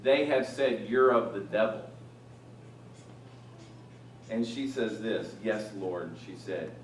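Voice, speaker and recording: A man teaching through a Bible passage, animated, rising loud on quoted lines and dropping quiet for asides. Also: on the low side, takes it slowly, long pauses, distant mic, a little hiss or hum. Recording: echoey room from off-mic, faint ambience.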